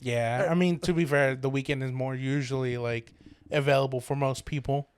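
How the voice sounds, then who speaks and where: A man co-hosting a podcast keeps the talk going with questions and short prompts in casual chat. His voice sits in a middle pitch and is picked up dry and close. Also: steady tone, moderate pace, clear, resonant tone, dry recording. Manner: asks questions, prompts the story. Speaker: podcast co-host.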